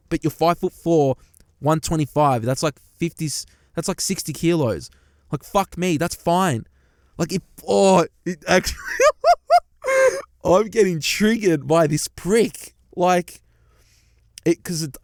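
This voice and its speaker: Sitting in a parked car, a young commentator reacts to a story with a heated, animated, profane rant, swearing often and talking straight to his listeners. His voice is a little high, and the studio-clean sound has no echo.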